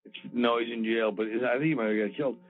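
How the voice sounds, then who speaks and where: A man's voice: medium pitch, fairly even intonation, fast talker. Dry sarcastic man on tinny audio. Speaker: comedian co-host. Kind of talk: casual podcast chat.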